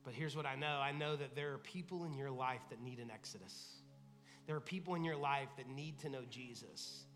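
Preaching conversationally and fairly quickly, a lead pastor gives voice to each person he quotes. His tone is medium-pitched and a bit bright. In the church sanctuary, a long reverb tail trails his words over soft background music.

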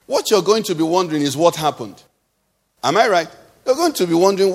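Pastor preaching in a reverberant hall. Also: male voice, sits high, sing-song, a little fast. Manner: call-and-response preaching, illustrative asides. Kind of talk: sermon. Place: church hall.

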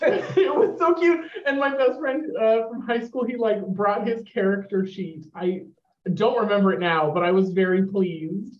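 A woman's voice: medium pitch, moderate pace. A woman guest chatting casually on a podcast. She giggles and stops and starts with fillers. Her voice sounds roomy and dull, as if on a lo-fi mic. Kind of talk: casual chat.

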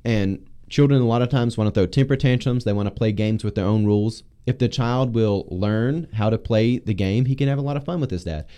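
A man leading a casual Bible discussion as pastor, teaching with animated emphasis. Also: lowish voice, a little fast, hardly any pauses, clean tone.

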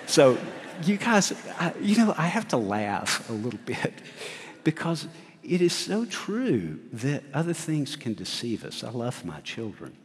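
A middle-aged pastor preaches in a church sanctuary with long hall reverb, his medium-pitched voice very animated yet unhurried. He asks his congregation questions and laughs at himself while telling a story.

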